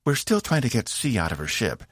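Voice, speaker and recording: A man's voice: mid-range voice, wildly swooping pitch, fairly quick, slightly rough, no room sound, studio quality, pitched above the performer's own voice. A man voicing an anxious young female pilot who reports urgently, in an audiobook. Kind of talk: audiobook character voice.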